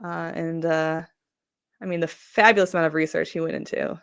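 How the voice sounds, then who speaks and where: A woman with a deep, gravelly voice, a traditionally published novelist, is a guest on a casual live-stream over video call. She's chatty and enthusiastic, restarting sentences and using filler, with a steady, fairly bright, clean tone at a normal speed.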